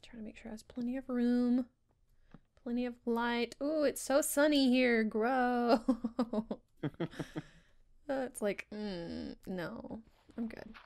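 A woman's voice: a little high, slow pace, gravelly, long pauses, a little mellow. A woman chatting casually with a friend while playing a video game, giggling often and trailing off mid-sentence. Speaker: game player. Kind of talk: casual co-op gaming chat.

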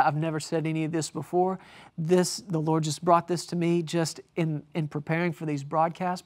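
Man preaching an emphatic television sermon. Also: on the high side. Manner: storytelling, rising to emphatic shouts on key words; reads scripture aloud between stories.

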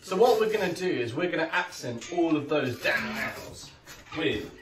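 Heavy background noise surrounds this friendly drum lesson, where a man with a slightly high, animated voice at normal speed counts aloud and vocalizes the beats. The room echoes, the mic sits at a distance, and music plays.

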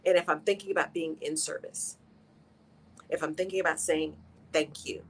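A woman's voice: deep voice, fairly even intonation, normal speed, pauses often, breathy edge. A middle-aged woman hosts a radio show, giving an earnest, encouraging motivational talk straight to her listeners.

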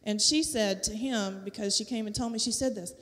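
Speaking at a fairly quick clip in a medium-pitched voice, a middle-aged teacher with a Southern US accent gives a spirited church testimony. She laughs frequently and acts out what others said, her words echoing through the sanctuary.

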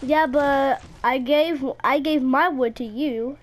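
A woman's voice: sits high, slow pace. A woman in casual gaming chat with a friend, bossy and teasing. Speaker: gamer.

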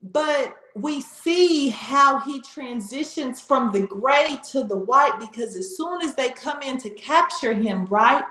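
Woman, casual faith talk, animated and slangy, bit high, recorded in an echoey room. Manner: animated, slangy, repeats herself.

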